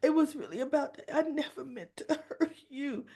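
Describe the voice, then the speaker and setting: A woman putting on the high, whimpering voice of a grown woman faking tears while she apologizes. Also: expressive, normal speed, vocal fry, mellow. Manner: whimpering, weepy. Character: grown woman begging forgiveness with fake tears.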